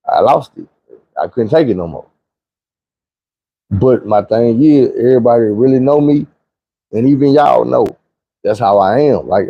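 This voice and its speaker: A man's voice: mid-range voice, no room sound, lo-fi sound. A young man telling a profane, vivid personal story in a casual monologue. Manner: vivid, profane retelling with shouted quotes.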